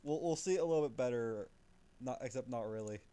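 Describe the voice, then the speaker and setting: A man chatting casually while leading friends through an online game, explaining mechanics in a relaxed way with the odd swear. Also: mid-range voice, quick pace, clean tone. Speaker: gamer leading the group. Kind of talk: casual chat while gaming.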